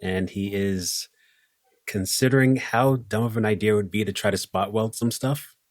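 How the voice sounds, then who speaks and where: Calm man with a lowish, dry voice. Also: normal speed, dry recording. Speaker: player. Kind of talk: casual in-character chat.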